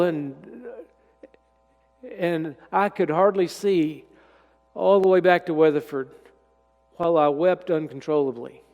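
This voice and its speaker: A middle-aged man with a drawl preaches a sermon, telling stories in a folksy way. His voice is high and smooth, and it drops to a hush when he is moved. The long reverb of a church sanctuary hangs behind every word. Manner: folksy, storytelling, drops to a hushed voice when emotional. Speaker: pastor.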